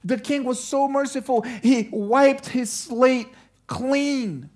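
A male pastor delivers a sermon, telling the story with lively energy. He stretches key words and leans into them for emphasis. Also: very high voice. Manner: animated storytelling, slowing down for emphasis.

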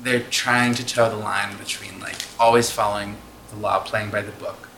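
A man's voice: lowish voice, flat delivery, moderate pace, pushed and bright, slight background noise. A man co-hosting a podcast, rambling casually and thinking aloud with many restarts. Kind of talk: casual chat. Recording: echoey room.

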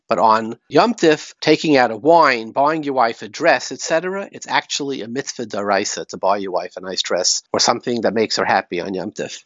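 A man's voice: medium pitch, no room sound. A man giving a Torah talk, telling stories and weaving in Yiddish and Hebrew terms. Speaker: rabbi. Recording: dry, slightly muffled recording.

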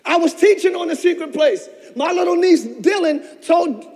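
A man pastor giving a passionate sermon, swinging between shouted peaks and hushed asides, recorded in a church. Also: very high voice, expressive, normal speed. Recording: long church reverb.

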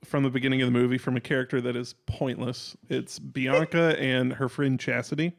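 A man's voice: mid-range voice, flat delivery, brisk, vocal fry. A man co-hosting a movie podcast, chatting in a dry, laid-back way. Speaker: podcast co-host. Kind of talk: casual chat.

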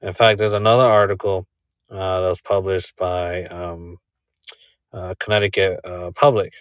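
A man's voice: low voice, level tone, moderate pace, clean tone, no echo, studio quality. A man giving casual commentary on a remote call as podcast co-host, rambling with many fillers and rhetorical "right?" checks.

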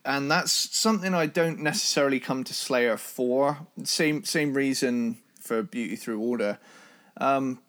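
A man co-hosting a casual music podcast, talking with enthusiasm in a hoarse voice. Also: medium pitch, measured pace, fairly bright tone. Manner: enthusiastic, imitates drum sounds. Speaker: podcast co-host.

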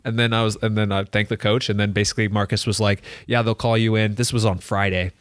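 A young soccer player tells a personal story in casual chat, rambling, leaning heavily on "like" and acting out what people said. His voice is on the low side with a level tone, a quick pace and a bit of brightness, in a dry recording.

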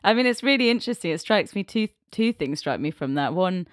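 A woman's voice: lowish voice, lively intonation, brisk, no room sound, studio quality. A woman hosting a podcast, asking long, thoughtful questions of her guests. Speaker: podcast host. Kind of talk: interview questions.

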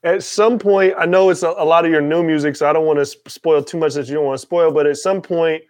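A man's voice: on the high side, fast, no echo. Laid-back man host, dry close sound. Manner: relaxed, lots of "mm-hmm" backchannels, slangy. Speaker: interview host. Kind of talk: casual interview.

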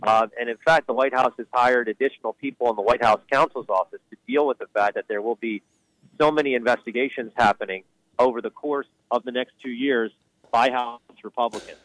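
A man working as a White House correspondent, explaining politics in a measured radio interview with frequent fillers. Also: mid-range voice, fairly even intonation, fairly bright tone, dry recording, rough recording.

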